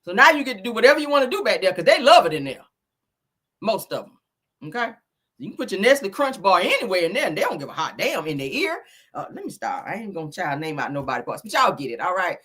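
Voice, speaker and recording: A woman's voice: mid-range voice, big pitch swings, quick pace, a bit bright, husky. A woman hosting a casual celebrity gossip show, sassy and profane, calling listeners honey and child.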